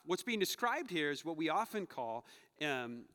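Bright-voiced male pastor in reverberant hall. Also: fairly high pitch, lively intonation, unhurried. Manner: conversational preaching, shifts between playful asides and hushed earnest passages. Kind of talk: sermon. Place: church sanctuary. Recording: long reverb of a church hall.

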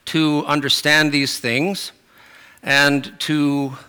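Middle-aged guy preaching, bright clear voice, chatty with lots of ums and restarts. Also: a little high, little pitch movement, extremely slow. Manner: conversational with fillers and restarts. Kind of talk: sermon.

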